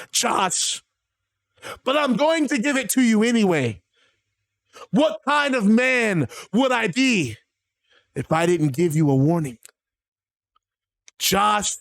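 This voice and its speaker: A man voicing a creepy, menacing male wrestler cult leader, speaking slowly and ominously in a dry, close voice. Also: sits high, vocal fry, fairly bright tone, no room sound, full character voice. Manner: slow, ominous, taunting with "man".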